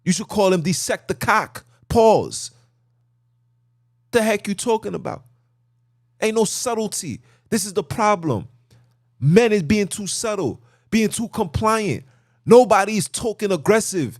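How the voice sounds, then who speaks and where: A man with a notably high voice delivers a fervent, preachy rant while sitting in a car. He sounds agitated and keeps repeating himself for emphasis. The sound is close and dry, with almost no room echo. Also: expressive, measured pace, pauses often. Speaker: podcast host. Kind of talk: impassioned rant.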